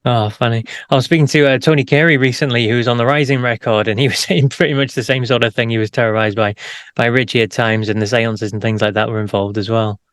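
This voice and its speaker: A man's voice: medium pitch, steady tone, quick pace, a bit bright, dry recording, studio quality. A man hosting an interview, asking the guest eager questions. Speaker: interview host.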